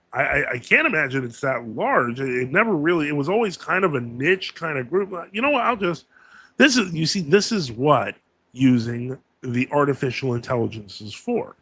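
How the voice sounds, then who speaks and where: Man, live-stream host, casual rambling chat, slightly high voice, dry close sound. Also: very animated, moderate pace, sharp tone, husky, no echo. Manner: rambling, with many fillers and self-corrections.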